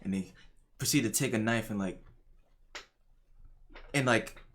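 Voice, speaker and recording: A man's voice: fairly low pitch, measured pace. A man streaming live, reacting to a video in casual, jokey, rambling chat. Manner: excitable, jokey, rambling and loud.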